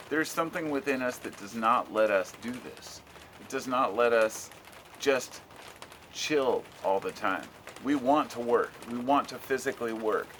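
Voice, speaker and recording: A man's voice: lowish voice, fairly bright tone, slight background noise. A middle-aged American man talking at home in a loose, rambling vlog, swearing casually. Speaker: vlogger.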